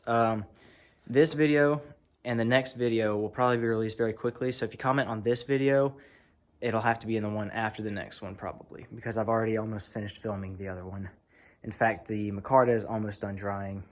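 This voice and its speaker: Low-voiced young man rambling in his workshop. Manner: rambling, offhand, hesitant with fillers. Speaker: knife-making YouTuber. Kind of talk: casual workshop vlog.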